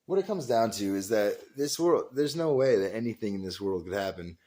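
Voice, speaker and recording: A vlog host with lively intonation and a brisk pace tells a rambling story on his own video. He's emphatic and profane, with big swings in pitch and loudness.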